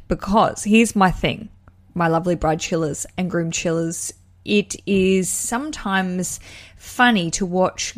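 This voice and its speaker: A woman hosting her own podcast, talking in a chatty, self-deprecating way as she chats casually to her listeners. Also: lowish voice. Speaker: podcast host. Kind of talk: casual solo podcast chat.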